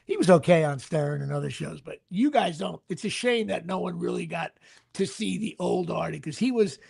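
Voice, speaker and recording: A man's voice: high voice, lively intonation, moderate pace, creaky, a little mellow, husky. A middle-aged man, an actor being interviewed, telling rambling stories with restarts and sports asides. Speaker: actor guest. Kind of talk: casual anecdotal storytelling.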